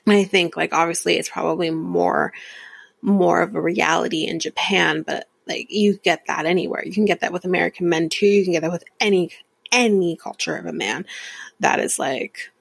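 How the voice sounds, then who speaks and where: A woman's voice: lowish voice, moderate pace, vocal fry, breathy edge, dry recording. A woman hosting a podcast, recapping a reality show in a candid, chatty way with frequent laughs. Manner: chatty, candid, laughs often, drifts into whispered asides. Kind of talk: casual chat.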